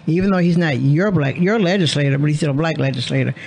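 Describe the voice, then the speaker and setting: A woman's voice: low-pitched, quick pace, vocal fry, a little mellow, husky. A woman radio host talking in a studio, explaining emphatically and acting out quoted dialogue. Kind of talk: casual radio conversation.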